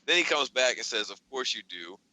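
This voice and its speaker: A man hosting a podcast in casual chat, recounting a string of text messages in an animated way. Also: mid-range voice, a little fast, no echo, poor audio. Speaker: podcast host.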